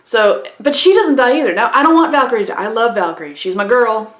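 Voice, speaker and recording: A woman's voice: a little high, expressive, fast talker, fairly bright tone. A woman giving a casual, exasperated movie review, stumbling over restarts and acting out quoted lines. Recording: echoey room.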